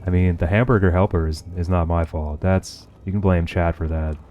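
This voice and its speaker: A man's voice: low-pitched, steady tone, moderate pace, dark tone, a little hiss or hum. A young man streaming gameplay, chatting casually with viewers in a profane, sarcastic running commentary. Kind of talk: casual livestream gameplay chat.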